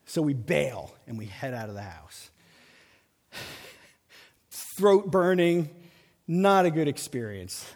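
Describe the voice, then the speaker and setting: A pastor preaching a sermon, telling a personal story in an animated way and acting out the people in it. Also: male voice, a little high, big-room sound. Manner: animated storyteller, acts out voices in the tale.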